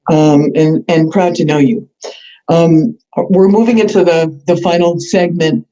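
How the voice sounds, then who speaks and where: Woman, event host, gracious, emotional, mellow tone, lo-fi audio. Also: deep voice, steady tone, moderate pace. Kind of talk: hosting a panel.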